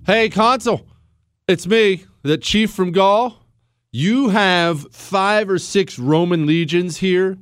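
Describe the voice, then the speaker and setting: A man's voice: high-pitched, takes it slowly, fairly bright tone, clean tone, dry recording, studio quality. A man voicing a demanding tribal chief who makes boastful threats in a mocking impression. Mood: swaggering.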